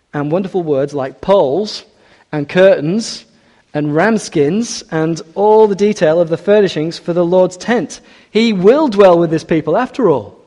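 Male preacher, mellow tone, expressive sermon delivery, echoing hall. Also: a little high. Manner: expressive, rising for emphasis, drops quiet for scripture.

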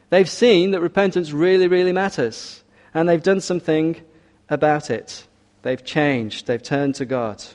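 A man preaches a sermon in a fairly high voice. He is earnest and measured, and he often turns to his listeners with rhetorical questions. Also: a little mellow.

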